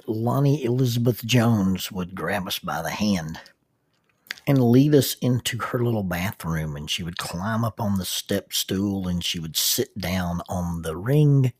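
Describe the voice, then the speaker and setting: A middle-aged man hosting a podcast, telling family stories in a folksy, unhurried way and reading sponsor messages. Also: on the low side, expressive, a little mellow, slightly rough, dry recording. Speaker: podcast host. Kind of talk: podcast storytelling with sponsor reads.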